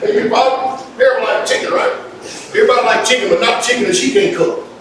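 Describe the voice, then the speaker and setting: A man preaching a sermon as pastor, lively and folksy, with call-and-response and sudden shouts. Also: very high voice, racing, heavy background noise. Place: church hall. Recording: echoey hall from far off. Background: congregation laughter.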